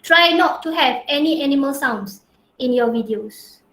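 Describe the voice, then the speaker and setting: High-voiced woman lecturing online. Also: lively intonation, normal speed, a bit bright, roomy sound, poor audio. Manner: chatty, teasing, frequent tag "huh?". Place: home in a rural area. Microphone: headset.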